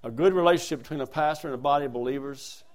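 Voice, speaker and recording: A man delivering a sermon at a mid-range pitch. His volume rises and falls sharply, from hushed asides to forceful emphasis, and he declaims scripture passages aloud in a raised, ringing voice. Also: very fast. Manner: swings between soft asides and loud emphatic lines. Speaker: preacher.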